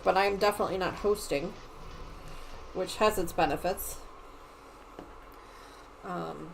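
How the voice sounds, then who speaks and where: A middle-aged woman hosting a home quilting livestream, chatting casually and rambling, often trailing off into quiet muttering as she works. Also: medium pitch, slight background noise, poor audio. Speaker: sewing livestream host. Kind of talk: casual chat while quilting.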